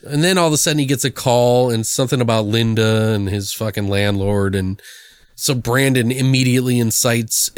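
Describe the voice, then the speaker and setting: A man's voice: medium pitch, normal speed, dry recording, studio quality. Profane laughing man recapping a movie. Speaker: podcast co-host. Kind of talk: casual movie recap chat.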